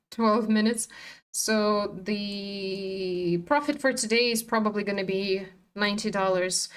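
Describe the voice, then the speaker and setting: A woman's voice: mid-range voice, steady tone, slow. A woman hosting a live trading stream, chatting casually and animatedly, swearing freely and talking back at her chart.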